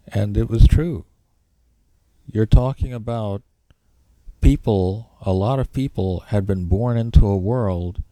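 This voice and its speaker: A man's voice: lowish voice, mellow, dry recording, rough recording. A man giving an informal spoken history lecture, rambling and repeating key points for emphasis.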